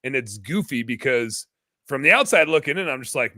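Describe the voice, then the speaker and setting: A man chatting on a podcast with a bright, forceful voice. He rambles casually and fills the gaps with "like" and restarts. The sound is dry and close, with no room around it. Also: medium pitch, animated, a little fast, no echo. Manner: loose, rambling, lots of fillers and restarts. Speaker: podcast guest. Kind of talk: casual conversation.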